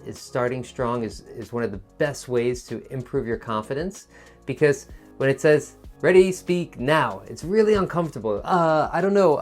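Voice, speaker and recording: A man teaching a test-prep lesson in a patient, encouraging teacher voice, explaining step by step. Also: mid-range voice. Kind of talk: instructional video lesson.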